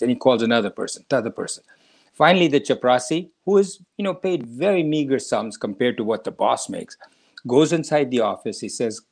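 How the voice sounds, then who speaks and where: A man's voice: medium pitch, lively intonation, a little fast, darkish tone. A man lectures on scripture in a mid-range voice. He explains patiently, weaving in stories and addressing the listener directly. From India. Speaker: spiritual teacher.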